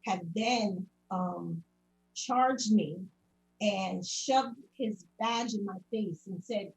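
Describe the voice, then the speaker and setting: Adult woman, public commenter, earnest first-person testimony, middle pitch. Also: slow pace, soft background music, rough recording. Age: adult parent. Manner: earnest, recounting events in detail with many quotes.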